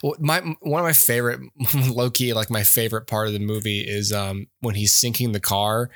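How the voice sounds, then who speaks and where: A man's voice: on the low side, fairly even intonation, normal speed, fairly bright tone, no echo, clean studio sound. A man co-hosting a podcast, chatting casually about a film, rambling and laughing as he acts out his reactions. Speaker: podcast co-host. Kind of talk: casual film-review chat.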